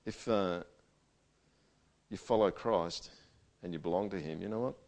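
A man preaching a sermon to a church gathering. He talks conversationally and swings between loud emphasis and quiet, intimate passages. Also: low-pitched, measured pace. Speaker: pastor.

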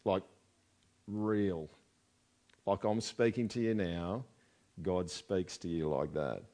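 A pastor with a low, warm voice preaches slowly and conversationally, often putting rhetorical questions to his congregation.

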